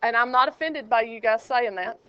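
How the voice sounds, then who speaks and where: High-voiced teasing woman teacher. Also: fairly quick, clear, resonant tone, no echo. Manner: teasing, joking with students. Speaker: math teacher. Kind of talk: classroom teaching. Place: classroom. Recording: dull lo-fi classroom recording.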